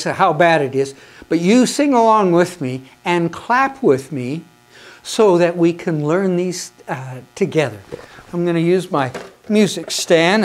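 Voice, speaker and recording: Woman music teacher, low-ish, slow and encouraging, counts beats aloud. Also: darkish tone. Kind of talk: hymn conducting lesson.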